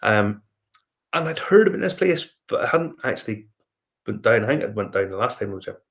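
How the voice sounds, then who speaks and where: A man's voice: fairly low pitch, very animated, brisk, gravelly, fairly bright tone. A Northern Irish man hosting a whiskey review show, telling a rambling anecdote in casual chat, full of fillers and restarts. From Northern Ireland.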